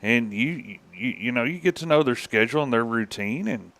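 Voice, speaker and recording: A man's voice: medium pitch, animated, a little fast, gravelly, fairly bright tone, dry recording. A man, a guest on a talk show, speaking easygoing with frequent restarts. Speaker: guest, funeral director. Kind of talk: casual interview chat.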